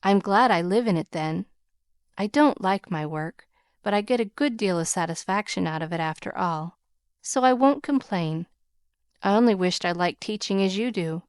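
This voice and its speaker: Woman narrator as a shy young governess; soft, smooth, dry studio sound. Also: medium pitch, lively intonation, moderate pace, dry recording, lightly acted. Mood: bashful. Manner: bashful, soft.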